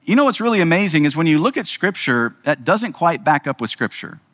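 Male pastor, slightly high voice, informal sermon delivery, heavy rhetorical questions, long reverb tail. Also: big pitch swings, brisk, fairly bright tone. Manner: conversational, asks rhetorical questions with frequent "right?".

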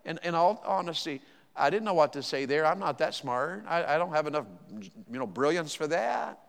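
High-voiced pastor preaching. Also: male voice, lively intonation, normal speed, gravelly. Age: 50s. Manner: emphatic preaching, calls for congregation responses, stammers and repeats words. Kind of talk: sermon. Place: church sanctuary. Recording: echoey church hall.

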